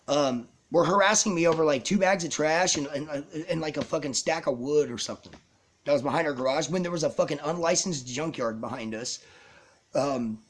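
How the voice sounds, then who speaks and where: A man's voice: fairly high pitch, husky. A man telling a personal story on camera in an agitated, rambling way, swearing a lot and restarting his sentences. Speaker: vlogger.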